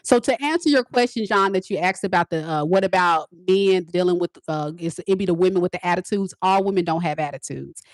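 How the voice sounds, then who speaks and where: A woman in her forties, a tarot reader, answering viewers in a candid, sassy, animated live-stream chat. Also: lowish voice, fairly quick, few pauses, no echo, clean studio sound. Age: 40s. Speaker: tarot reader and spiritual advisor.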